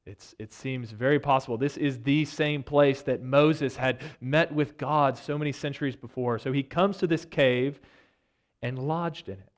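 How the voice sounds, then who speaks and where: A man, a church elder, preaching a sermon, reading scripture and retelling it with mounting intensity before dropping to a soft, low delivery. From Virginia, United States. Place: church sanctuary.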